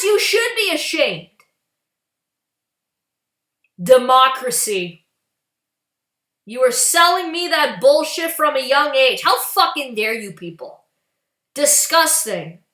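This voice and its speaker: Furious profane woman ranting, high voice. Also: sharp tone, echoey room. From Canada. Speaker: political vlogger. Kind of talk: angry political rant.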